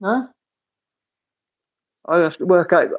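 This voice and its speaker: A man's voice: high voice, animated, takes it slowly, lo-fi sound. A man with a Birmingham accent hosting a casual live chat, jokey and playful, often repeating his words.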